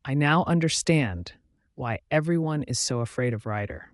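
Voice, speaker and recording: A man giving steady first-person audiobook narration of a scripted story. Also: medium pitch, normal speed, no echo, clean studio sound.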